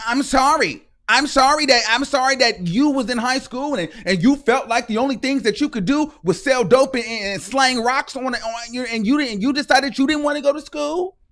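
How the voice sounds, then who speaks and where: Man, high-pitched voice, heated sarcastic rant, livestream host, swearing. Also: fairly bright tone. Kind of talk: ranting livestream commentary.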